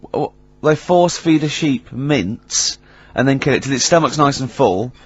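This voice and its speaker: A man's voice: medium pitch, moderate pace, slightly rough, muffled recording. A man hosting a radio show, telling rambling anecdotes full of ums and restarts. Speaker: radio host. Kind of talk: casual radio banter.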